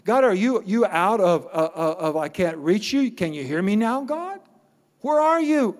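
A man's voice: high voice, animated, a little slow, long reverb tail, pitched above the performer's own voice. A man voicing a prophet of old who cries out to God in anguish, pleading and strained.

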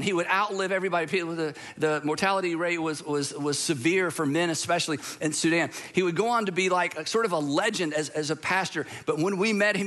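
A man's voice: high-pitched, a bit bright. An American man, middle-aged, preaching a sermon in a conversational storytelling way with humorous asides. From United States. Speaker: pastor.

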